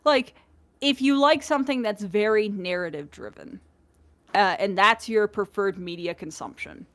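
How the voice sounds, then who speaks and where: A woman co-hosting a podcast in casual chat, talkative and quick to jump in and tease. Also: mid-range voice, animated, fairly bright tone. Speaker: podcast co-host.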